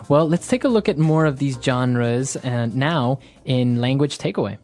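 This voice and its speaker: A man co-hosting an English-learning podcast, asking leading questions in a relaxed teaching chat. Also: medium pitch, moderate pace, soft background music. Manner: asks leading questions, laughs easily.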